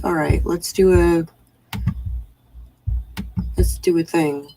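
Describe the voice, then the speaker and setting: A woman's voice: low-pitched, flat delivery, slow, gravelly, pauses often, mellow, a little hiss or hum, low-quality recording. A woman hosting a casual morning chat stream from home, chatting and answering viewers' messages. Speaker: livestream host.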